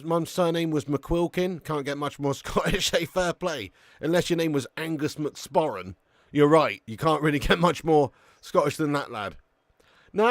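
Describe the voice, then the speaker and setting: A brash man hosts a live football watch-along and reads out viewer comments. His banter is loose and full of swearing. His voice sits on the high side, and the recording is dry and close, with no room sound. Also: dry recording. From England.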